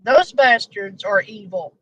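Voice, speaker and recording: Slow-talking profane woman streamer. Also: medium pitch, fairly bright tone, husky. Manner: profane, rambling, joking. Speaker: live-stream host. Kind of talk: casual live-stream chat. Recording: dull lo-fi stream audio.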